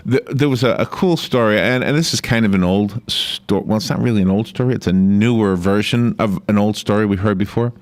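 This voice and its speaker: Chatty, rambling lower-voiced male radio host. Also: brisk, hardly any pauses. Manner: chatty, rambling with restarts, easily amused. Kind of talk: casual morning radio chat.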